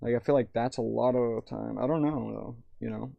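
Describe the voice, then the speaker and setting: Tipsy young male streamer, gravelly, loose and profane, reads chat aloud. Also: medium pitch, steady tone, brisk, highs cut off, background noise. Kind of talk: rambling live-stream chat.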